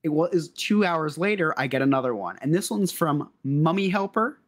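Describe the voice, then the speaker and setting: On a comedy podcast, a male co-host with a slightly high voice tells a story and reads out messages at a moderate pace. He's animated and laughs often.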